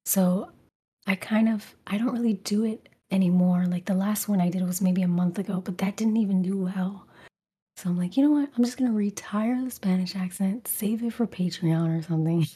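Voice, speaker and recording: A woman from Brooklyn with a softened New York accent, a guest talking in a whispered role-play style on an ASMR podcast. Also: mid-range voice, steady tone, moderate pace, husky. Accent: neutralized New York. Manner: soft whispered chat with frequent laughs.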